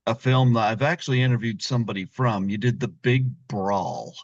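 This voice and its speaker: A man's voice: mid-range voice, moderate pace, no room sound. A man hosting a podcast interview, easygoing, with lots of fillers like "um" and "you know.". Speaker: podcast host. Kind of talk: casual interview chat. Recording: dull, dry lo-fi sound.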